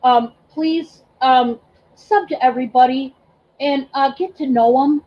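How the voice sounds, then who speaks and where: A woman's voice: sits high, measured pace, dull audio. A woman hosting a casual livestream, emotional and effusive, thanking her viewers by name with many ums and restarts. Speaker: livestream host and reseller.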